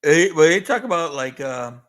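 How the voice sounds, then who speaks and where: A man's voice: fairly high pitch, expressive, normal speed, fairly bright tone. A man co-hosting a casual movie podcast, swearing freely, laughing a lot and rambling loosely. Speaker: podcast co-host.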